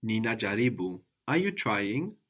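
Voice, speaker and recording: Male tutor, calm and patient; drills the student with short prompts and tag questions. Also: lowish voice, a little slow. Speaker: language teacher. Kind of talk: one-on-one language lesson.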